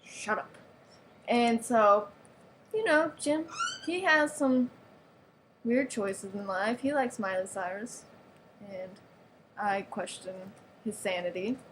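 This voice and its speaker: A woman's voice: mid-range voice, slow, pauses often, a little hiss or hum. A woman giving a playful, mock-serious show-and-tell of a toy, with giggles and sarcastic asides. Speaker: vlogger showing off a toy.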